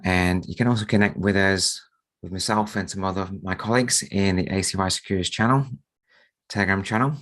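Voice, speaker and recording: A low-pitched man hosts a live trading webinar. His voice is croaky from a sore throat, and he talks softly on purpose to save it. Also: fairly even intonation, a little fast. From Australia. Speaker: market strategist and trading mentor.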